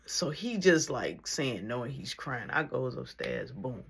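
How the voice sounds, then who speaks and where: A woman telling a family story casually, slangy and animated, acting out the people in it. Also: rumbling low, a little slow, vocal fry, few pauses, breathy edge.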